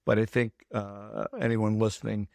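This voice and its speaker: A man hosting a podcast chat, talking energetically and often restarting his sentences. His voice has a gravelly fry to it. The sound is dry and close, with no room echo. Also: on the low side, flat delivery, normal speed, a little mellow. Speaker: podcast host. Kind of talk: casual podcast conversation.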